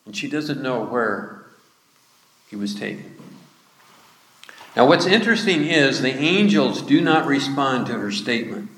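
A man preaching a sermon, slowly retelling a scripture passage. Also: medium pitch, animated, a bit bright. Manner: slow, measured retelling of scripture with quoted speech. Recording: echoey hall with long reverb.

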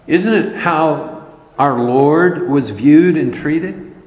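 A man delivers an earnest, emphatic sermon at a slow, deliberate pace. His voice rings through a roomy hall with a long reverb tail. The recording itself sounds dull and lo-fi. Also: on the high side. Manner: earnest, emphatic preaching with scripture quotes. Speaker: preacher.

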